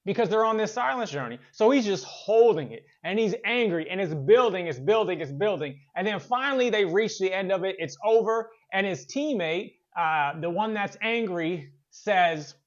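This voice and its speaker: Guy doing a motivational workplace talk, pretty high voice, earnest, kinda chatty with ums, muffled lo-fi sound. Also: lively intonation, moderate pace, few pauses. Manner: conversational, earnest, with fillers and repeats. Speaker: workplace trainer and motivational speaker.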